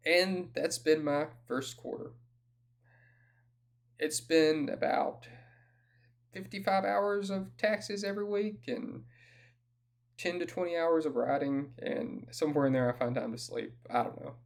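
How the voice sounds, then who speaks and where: A man's voice: on the high side, steady tone, unhurried, gravelly, pauses often. A man with a Southern US accent giving a casual solo update as an author, with a dry, self-deprecating humor.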